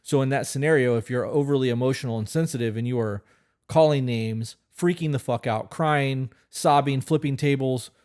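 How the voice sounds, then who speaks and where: A man talks through a relationship issue on a podcast, blunt and profane, often restarting his sentences. His voice sits at an ordinary middle pitch and comes across as relaxed, unpolished conversation. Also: normal speed, clean tone. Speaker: podcast co-host. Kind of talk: casual relationship chat.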